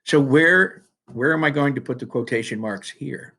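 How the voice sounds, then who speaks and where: A man teaching students through a worksheet, talking casually with frequent restarts and lively emphasis. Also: medium pitch, moderate pace. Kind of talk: recorded classroom lesson.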